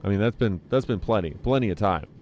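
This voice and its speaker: A man's voice: lowish voice, fast talker, darkish tone, muffled recording, a little hiss or hum. A young man streaming a let's-play, talking casually and rambling to a friend on a call. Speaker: gaming streamer. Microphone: desk microphone.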